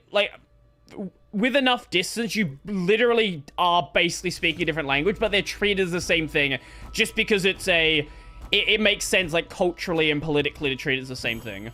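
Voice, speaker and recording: This is a streamer talking off the cuff with a high, very expressive voice that rises and falls a lot. He restarts his sentences as he works things out aloud, and he has a bright, forward tone. Soft game music plays underneath. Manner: rambling, restarts while thinking aloud. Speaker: gaming streamer. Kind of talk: casual live-stream chat.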